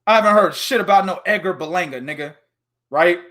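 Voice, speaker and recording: A man co-hosting a boxing talk show, loud and animated, full of slang, profanity and laughter. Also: high-pitched, a little fast. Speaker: boxing podcast co-host. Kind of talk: casual profane chat.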